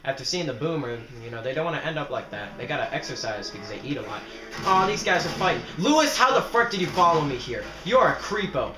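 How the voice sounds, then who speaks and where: Excitable young man yelling over gameplay. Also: on the high side, fast talker, roomy sound, over music. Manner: excitable, yells at teammates, joking. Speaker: gaming commentator. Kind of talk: let's play commentary.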